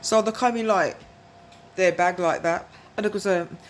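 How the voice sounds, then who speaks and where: There's a little hiss or hum under this woman's lowish voice as she talks at a moderate pace. Rambling through a lengthy story to camera, she often checks whether you're following and laughs between lines in a casual monologue.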